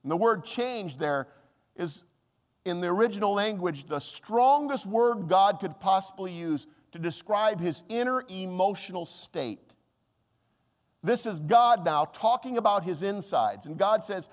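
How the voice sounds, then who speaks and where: A man's voice: high-pitched, a little slow, in a large hall. A man preaching a sermon with passion, his voice rising and dropping sharply when he speaks for God. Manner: impassioned preaching, dramatic rises and drops when quoting God. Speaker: pastor.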